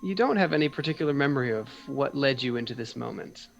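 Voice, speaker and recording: A man's voice: mid-range voice, expressive, fast talker, creaky, muffled recording, faint music behind. A man narrating a tabletop game as game master, hesitant and full of fillers.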